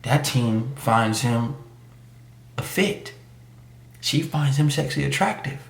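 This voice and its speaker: A YouTube commentator with a mid-range, gravelly voice speaks slowly in an echoey room. He delivers a casual, emphatic opinion monologue packed with street slang, mocking asides and mock voices.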